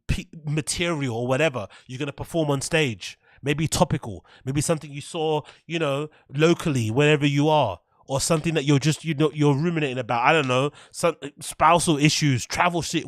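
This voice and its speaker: A man's voice: on the high side, no room sound, clean studio sound. A British man hosting a podcast, ranting in heated, profane comedic commentary and laughing at his own jokes. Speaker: podcast host.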